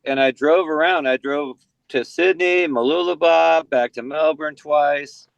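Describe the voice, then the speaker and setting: A man's voice: on the high side, unhurried, vocal fry, no echo, muffled recording. An American man in his forties from San Diego, talking as a podcast guest in a loose, rambling way full of "you know" and restarts. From San Diego, USA. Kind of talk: casual podcast conversation.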